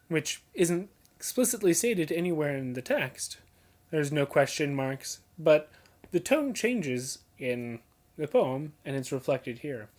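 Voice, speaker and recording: A young adult explaining how to read poetry aloud, pointing out pauses and emphasis as clips play. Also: mid-range voice. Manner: points out details, emphasizes and repeats examples. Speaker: teacher explaining poetry reading. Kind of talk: casual spoken lesson.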